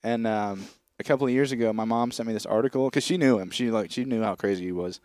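A man in his twenties co-hosting a podcast, telling stories in a deadpan, sweary way. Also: on the low side, fast, no room sound, clean studio sound. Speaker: podcast co-host. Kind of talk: casual storytelling chat. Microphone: studio microphone.

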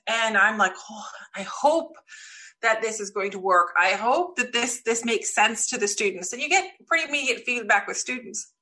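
Bright, lively woman telling stories. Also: medium pitch. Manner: lively storyteller, acts out quotes. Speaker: podcast guest. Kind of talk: casual interview chat.

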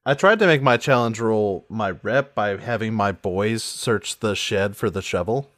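A man's voice: lowish voice, measured pace, fairly bright tone, no room sound, studio quality. Man narrating a tabletop game. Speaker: tabletop player. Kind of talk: casual role-play narration.

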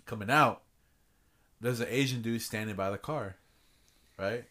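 A man with a bright, clear-toned voice at an ordinary pitch tells a rowdy story on a casual podcast. He swears freely, laughs along, and acts out what people said. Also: a little slow. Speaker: podcast co-host. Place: room at home.

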